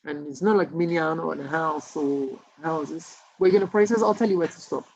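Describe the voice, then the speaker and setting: A man's voice: on the high side, brisk, a little hiss or hum. A man, a rabbi, telling a story in an informal Torah class, with many restarts and Hebrew terms. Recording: dull lo-fi recording.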